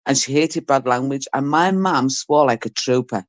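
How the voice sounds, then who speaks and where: A middle-aged woman hosting a live stream from a streaming mic, chatting casually and spinning stories. Her pitch climbs and dips freely as she talks. She slips into voices of the people she describes. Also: animated, normal speed, hardly any pauses.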